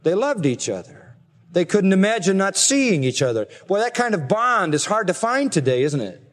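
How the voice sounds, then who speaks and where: A man's voice: high-pitched, big pitch swings, normal speed, long reverb tail. A man preaching an expository sermon in an earnest, emphatic way, with rhetorical questions. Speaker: pastor.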